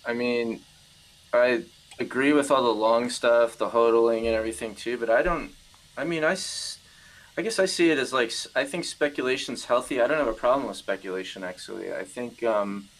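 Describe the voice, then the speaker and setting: A man's voice: mid-range voice, moderate pace, a bit bright, poor audio. A man in a casual basement chat, thinking aloud with many fillers and hedges. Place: home basement.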